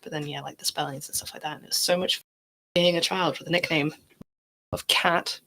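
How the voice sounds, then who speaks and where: A woman's voice: sits low, steady tone, a little fast, bright, forceful tone. A woman from Britain hosting a podcast, chatting casually and often saying 'like' as she talks. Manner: chatty, lots of fillers like 'like'. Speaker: podcast host. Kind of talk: casual chat.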